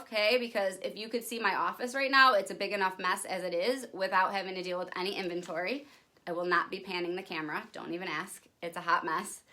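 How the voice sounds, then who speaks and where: A young woman in a direct-to-camera vlog, gushing and excitable, pitching her home business to viewers and saying "you guys" and "like" over and over. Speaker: direct sales promoter.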